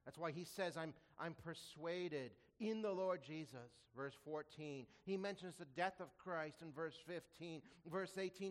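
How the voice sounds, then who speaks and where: A man preaching a sermon as a pastor, earnest, asking rhetorical questions and slowing down to stress quoted scripture. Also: on the high side, big-room sound. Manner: earnest, rhetorical questions, slows for emphasis when quoting scripture.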